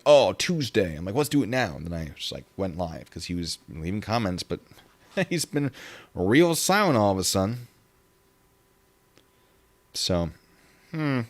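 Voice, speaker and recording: A man's voice: medium pitch, lively intonation, unhurried, pauses often, a bit bright. A young man hosting a casual livestream, rambling and reading viewer comments aloud. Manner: rambling, reads chat aloud. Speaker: livestream host.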